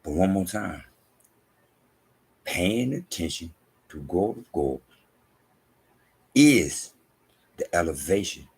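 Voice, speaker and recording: Deep, gravelly, husky-voiced preaching man. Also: animated, measured pace, pauses often. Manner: repetitive, emphatic, drops to hushed asides. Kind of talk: preaching monologue.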